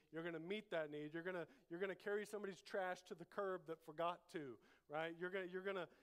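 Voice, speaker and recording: High-voiced emphatic male pastor. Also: clear, resonant tone. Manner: emphatic, repeats lines for the congregation to echo. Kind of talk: sermon. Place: church.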